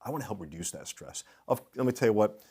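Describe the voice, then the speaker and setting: A middle-aged man with a fairly low voice talks as an interview guest. He tells lively anecdotes and slips into the voices of the people he quotes. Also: quick pace, breathy edge. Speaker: guest speaker, industry consultant. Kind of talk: storytelling in a podcast interview.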